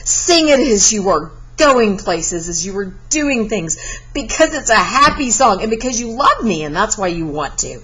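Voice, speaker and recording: A woman's voice: medium pitch, big pitch swings, normal speed, fairly bright tone, husky, rough recording. A Spanish teacher. She gives a recorded class lesson in a chatty, encouraging way and breaks into sung verses.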